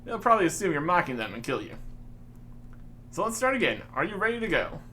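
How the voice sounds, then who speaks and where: A man's voice: on the high side, sing-song, fast talker, bright, forceful tone, slight background noise. A man reading as a scornful sailor in a game. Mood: impatient. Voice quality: sneering, contemptuous. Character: rude scornful male sailor, impatient.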